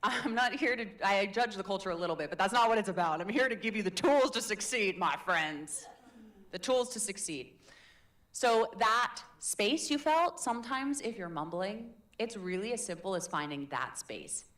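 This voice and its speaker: A woman's voice: mid-range voice, lively intonation, moderate pace, a bit bright. A woman leading a live public speaking workshop in a chatty, demonstrative, encouraging way. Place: meetup room in a tech hub.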